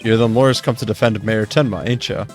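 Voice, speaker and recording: A man's voice: on the low side, steady tone, fast talker, darkish tone, soft background music, natural voice. A man voicing a sly, folksy male caretaker who is a petty thief, talking in a slangy, wheedling drawl.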